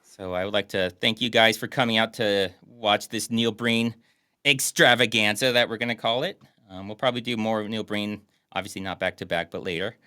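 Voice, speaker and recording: A man's voice: lowish voice, steady tone, a little fast, bright, forceful tone, smooth, dry recording, clean studio sound. A man co-hosting a casual podcast, bantering and joking about a movie. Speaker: podcast co-host. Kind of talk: casual chat.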